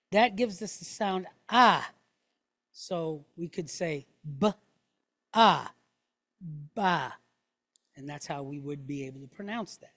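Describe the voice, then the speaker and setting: A middle-aged woman with a mid-range voice teaches a Hebrew class, captured in a dry recording. In this classroom lesson she explains things step by step and checks in with the room after each point.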